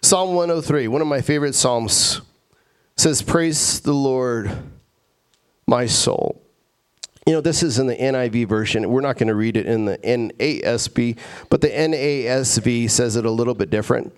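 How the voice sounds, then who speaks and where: A man's voice: medium pitch, brisk, clear, resonant tone. A male pastor preaching a sermon in an earnest way, repeating phrases and stammering into restarts.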